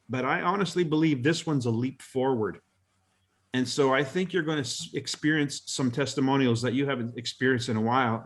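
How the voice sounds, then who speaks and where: A man on a video call telling an earnest, emotional story to his sales team, often restarting his sentences. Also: mid-range voice. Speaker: business team leader.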